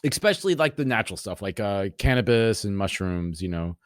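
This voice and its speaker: A man's voice: fairly low pitch, a little fast, no room sound. Guy in his 40s cussing his way thru a wild story, dead dry close sound. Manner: profane, rambling, animated retelling. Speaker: podcast guest. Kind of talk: casual storytelling.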